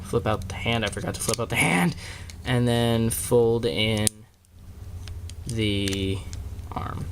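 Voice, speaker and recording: A man walking through a toy transformation in a casual review, talking haltingly with many fillers and self-corrections, recorded on a camera on a small tripod. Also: medium pitch, noisy background.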